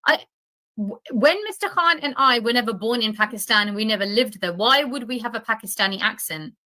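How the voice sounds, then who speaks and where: A young British woman giving heated, scornful reaction commentary, indignant and quick to insult. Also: on the high side, lively intonation, pushed and bright. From United Kingdom.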